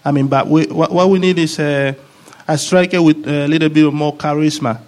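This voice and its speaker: Halting guest, slightly high voice. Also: male voice, steady tone, darkish tone. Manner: halting, repeats words while searching for them. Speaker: guest, former player of the club. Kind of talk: casual panel chat.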